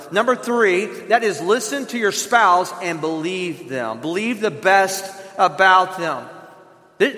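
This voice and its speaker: Male pastor, high bright voice, earnest sermon delivery, large reverberant hall. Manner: earnest, conversational preaching with acted examples.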